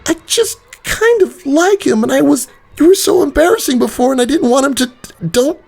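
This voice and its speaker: A man voicing an anxious, prickly young filly pony in a fan audiobook, pushing his voice high and squeaky with a defensive edge. His voice carries a roomy reverb. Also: lively intonation, moderate pace, creaky, a little mellow, full character voice. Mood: flustered.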